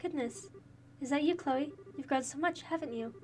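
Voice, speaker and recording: A woman's voice: sits high, normal speed, far from the mic, a little hiss or hum, lightly acted. A woman voicing a kind, motherly older woman who runs an orphanage, with faint game music behind. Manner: warm, motherly.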